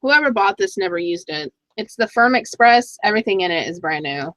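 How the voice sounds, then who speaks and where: A middle-aged woman chatting casually in a thrift haul vlog, excitable and talking to herself as she goes through her finds. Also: mid-range voice, fast, few pauses, no echo, poor audio. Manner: chatty, excitable, talks to herself while browsing items. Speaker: thrift reseller vlogger.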